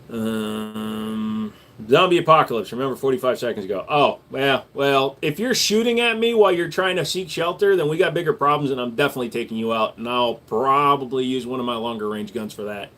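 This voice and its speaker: A man in the middle of his range talks casually to his live-stream viewers. His answers are blunt and matter-of-fact, and his tone stays relaxed and conversational. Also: mid-range voice, a little fast. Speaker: live stream host and gun store owner.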